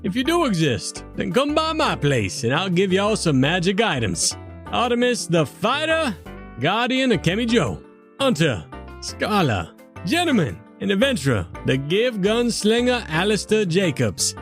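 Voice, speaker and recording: A man's voice: high-pitched, huge pitch swings, unhurried, soft background music, voice pushed up, exaggerated voice. A man doing a hollering Cajun potion seller. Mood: folksy. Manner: drawling, folksy shout-outs. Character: Cajun male potion shopkeeper, folksy and hospitable. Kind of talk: in-character sponsor shout-outs.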